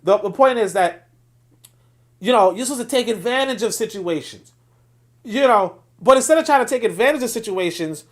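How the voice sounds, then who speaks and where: A man's voice: high voice, lively intonation, normal speed. Passionate, digressive man hosting a livestream. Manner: passionate, digressive, restarts often. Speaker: host of a political livestream. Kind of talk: livestream commentary reading viewer chat.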